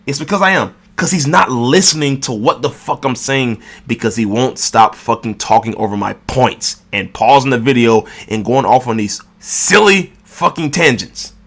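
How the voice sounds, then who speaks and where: A man ranting as a gaming video creator, openly irritated and swearing constantly. His voice sits at a middling pitch as he pushes through his argument. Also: moderate pace, hardly any pauses, a bit bright. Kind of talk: ranting response commentary.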